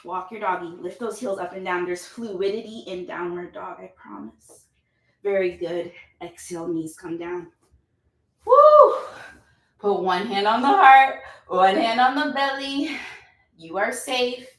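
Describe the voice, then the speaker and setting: A woman's voice: medium pitch, a little slow. Upbeat woman leading yoga in an echoey room. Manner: upbeat, playful, chatty with bursts of laughter and whoops. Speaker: yoga instructor. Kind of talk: guided yoga class instruction. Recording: echoey room, mic at a distance.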